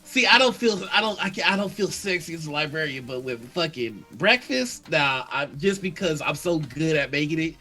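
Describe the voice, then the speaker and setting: A man casually chatting on a stream, his voice worn from illness, laughing a lot and sometimes dropping into a low breathy voice. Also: big pitch swings, moderate pace, hardly any pauses, bright, forceful tone, faint music behind. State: voice worn from being sick. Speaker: stream co-host.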